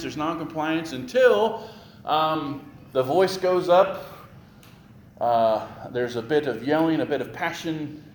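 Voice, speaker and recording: Man preaching in an echoey church. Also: a little high. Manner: animated preaching with rising emphasis and repetition. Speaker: pastor. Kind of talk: sermon. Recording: echoey room with faint ambient noise.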